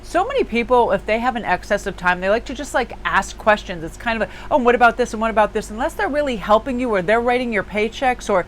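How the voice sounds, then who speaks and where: A woman's voice: fairly high pitch, lively intonation, fast, few pauses, slight background noise, rough recording. Chatty woman giving a tarot reading. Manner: chatty and emphatic, lots of "like" fillers. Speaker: tarot reader and small business owner. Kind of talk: casual daily tarot reading.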